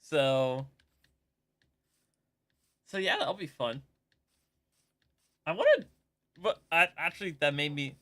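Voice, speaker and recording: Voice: medium pitch, slow, long pauses, a bit bright. A streamer in casual gaming chat, rambling and joking with frequent giggles.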